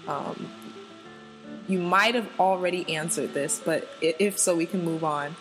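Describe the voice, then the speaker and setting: A woman's voice: on the low side, a little slow, faint music behind, poor audio. A young American woman hosting a casual interview chat, gushing and giggly, rambling with lots of fillers. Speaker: podcast host.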